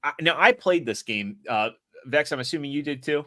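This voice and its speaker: Bright-sounding guy hosting a podcast, keeps repeating words. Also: fairly high pitch, animated, fairly quick. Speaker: podcast host. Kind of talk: casual podcast chat.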